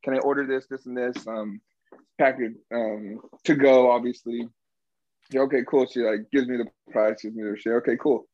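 A man's voice: mid-range voice, moderate pace, no room sound. Young man telling a story, laughing. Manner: animated, laughing, heavy swearing. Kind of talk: casual storytelling chat. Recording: slightly dull dry recording.

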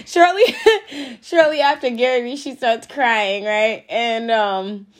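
A woman co-hosting a casual podcast recap, telling stories in an animated way, laughing often and acting out what people said. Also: on the high side, takes it slowly, slight background noise. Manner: animated storyteller, laughs often, acts out quotes. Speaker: podcast co-host.

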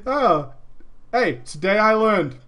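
High-voiced man reading a story with jokes. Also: lively intonation, slow, fairly bright tone. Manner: laughs often, mocking asides. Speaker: streamer. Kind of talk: reading a story aloud with commentary.

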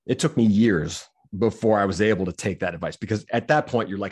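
A man's voice: on the low side, a little fast, hardly any pauses, darkish tone, husky. A middle-aged man, a business-owner guest, telling a story candidly and bluntly, swearing freely. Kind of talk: conversational storytelling.

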